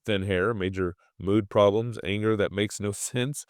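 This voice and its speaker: Man, low smooth voice, podcast co-host, laid-back, dry sound. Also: steady tone, a little slow, no echo. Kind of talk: casual podcast chat.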